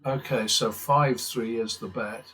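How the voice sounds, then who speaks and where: Over soft background music and a low-quality recording, a man who hosts a blackjack strategy channel talks casually through simulated hands. His mid-range voice is fairly even and fairly bright, unhurried as he mutters calculations, tosses in wry remarks, and swears now and then.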